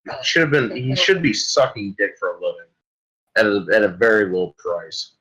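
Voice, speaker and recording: A man's voice: lowish voice, animated, moderate pace, fairly bright tone, slightly rough, rough recording. A man hosting a solo podcast, delivering a rambling, crude comic rant full of swearing. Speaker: podcast host.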